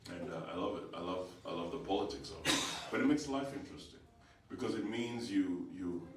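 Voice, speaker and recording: Comedian in an echoey theatre. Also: male voice, deep voice, brisk. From Uganda. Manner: conversational storytelling with sudden yelled punchlines. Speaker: stand-up comedian. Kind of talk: live stand-up comedy set. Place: theatre stage with live audience. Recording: echoey theatre, distant mic, audience laughter.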